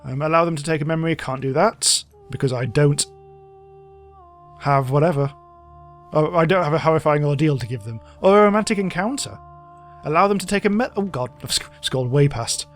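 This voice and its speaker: A man's voice: on the high side, brisk, soft background music. A man giving casual, chatty gameplay commentary, reading game text aloud and laughing often. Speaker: let's play host.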